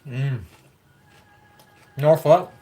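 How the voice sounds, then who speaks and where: A man's voice: mid-range voice, drawn-out words, dark tone, soft background music. A man chatting casually on a livestream, answering viewer comments in a rambling, frank way, swearing freely and encouraging his viewers.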